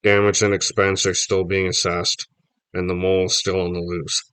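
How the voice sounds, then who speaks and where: A man reading a children's novel aloud, telling the story lively in first person. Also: low-pitched, normal speed, smooth, dry recording. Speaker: audiobook reader.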